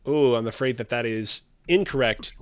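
A man's voice: medium pitch, moderate pace, clear, resonant tone. A man hosting a trivia game show, reading clues with a theatrical, teasing quiz-host delivery.

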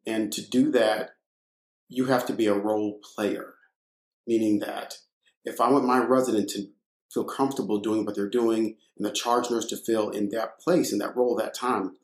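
A man explains his points deliberately in a mid-range voice during a panel chat. His voice carries a noticeable room echo. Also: on the low side, steady tone. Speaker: emergency physician. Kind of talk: casual panel discussion. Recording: roomy echo.

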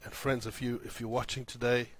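A man preaching a sermon as pastor, repeating lines for emphasis, building loud and high, then dropping soft and low. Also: flat delivery, fairly quick. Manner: swells louder and higher when building to a point, then drops soft and low.

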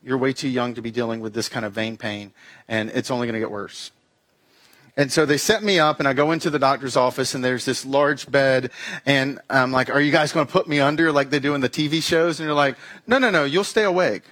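A man's voice: medium pitch, a little fast, fairly bright tone. A young man telling a comic personal story in a talk, acting out the dialogue and making sound effects. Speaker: speaker giving a weekly message.

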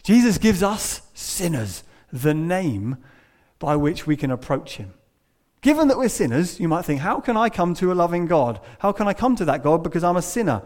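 An animated male preacher with a slightly raised pitch delivers a sermon in a playful, conversational way. He slips into the voices he quotes and laughs at himself along the way. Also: normal speed.

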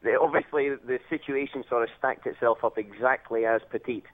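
A man's voice: mid-range voice, fairly quick. Scottish man on a tinny phone line. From Scotland. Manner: relaxed storytelling with many fillers. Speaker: racing driver guest. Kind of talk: phone interview.

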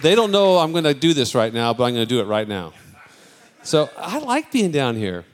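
A man's voice: mid-range voice, big pitch swings, brisk. Male pastor, informal, off-the-cuff sermon banter with the church. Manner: chatty and spontaneous, addressing the congregation. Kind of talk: casual sermon talk.

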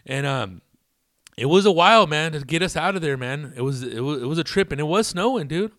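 A man's voice: a little high, lively intonation, fairly quick, fairly bright tone, no echo, studio quality. A young man telling a rambling story in a casual, profane, slang-heavy way to his viewers. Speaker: vlogger.

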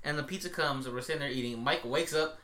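A man's voice: mid-range voice, fast talker, pushed and bright. A man hosting a casual podcast, telling stories in a mocking, profane way and laughing as he talks. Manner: profane, mocking storyteller who laughs while talking. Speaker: podcast host. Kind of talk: casual chat.

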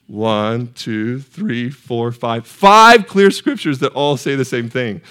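Male pastor, mid-pitched voice, sermon delivery: quiet and tender one moment, rising to loud peaks the next, questions to the room. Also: expressive, takes it slowly, hardly any pauses, smooth. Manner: passionate, swings from hushed to soaring shouts; asks the congregation questions. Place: church sanctuary.

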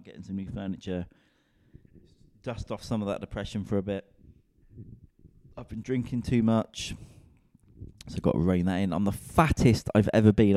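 Deep sweary man ranting casually. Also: mellow, no echo, clean studio sound. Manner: rambling, sweary, self-mocking. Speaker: comedian and podcast host. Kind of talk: casual solo rant.

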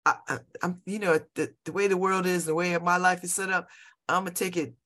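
A woman in her fifties hosts a show, speaking fairly quickly in a low-ish, fairly bright voice with fairly even intonation. Her casual personal chat rambles, with frequent laughter and repetition.

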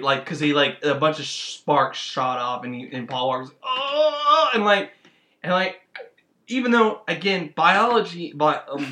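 A man co-hosting a casual chat about a movie, talking loosely and haltingly with many fillers. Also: a little high, pushed and bright. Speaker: podcast co-host. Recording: roomy echo.

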